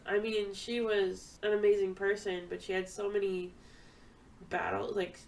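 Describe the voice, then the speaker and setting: A woman's voice: medium pitch, level tone, moderate pace, gravelly, poor audio. A young woman co-hosting a podcast in casual chat, dry and matter-of-fact with a teasing edge. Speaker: podcast co-host.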